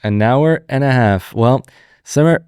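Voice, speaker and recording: A young man hosting a political podcast, talking in a profane, animated, rambling way. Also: mid-range voice, unhurried, smooth, dry recording, clean studio sound. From Canada. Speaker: podcast host. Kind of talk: casual political podcast chat.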